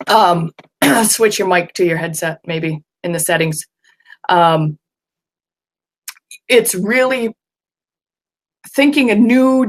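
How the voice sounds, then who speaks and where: A woman hosting a live video stream, chatting easily with her guest and reading out viewer comments. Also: on the low side. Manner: relaxed, reads out viewer comments. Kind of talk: casual live-stream interview.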